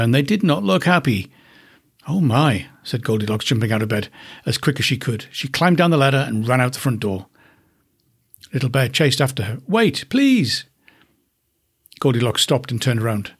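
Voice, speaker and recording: A man, a podcast host, narrating a children's storybook in an expressive, unhurried way. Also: medium pitch, slightly rough.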